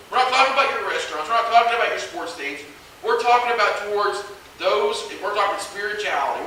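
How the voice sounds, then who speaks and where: Pastor guy preaching, highish voice, really sharp and bright, heavy church echo, mic kinda far off w faint hiss. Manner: conversational preaching with rhetorical questions, swinging from hushed to loud. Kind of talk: sermon. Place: church sanctuary. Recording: echoey hall, distant mic, faint hiss.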